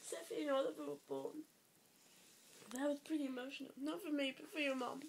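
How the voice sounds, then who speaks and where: Gushing high-voiced teen girl vlogger. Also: flat delivery, fairly quick, gravelly. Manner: over-the-top mock emotional gushing. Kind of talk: casual birthday present unboxing. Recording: noisy home recording.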